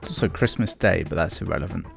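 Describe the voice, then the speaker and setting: A man's voice: low-pitched, fast, creaky, fairly bright tone, soft background music. A man giving casual let's play commentary on a video game, with dry, sarcastic asides.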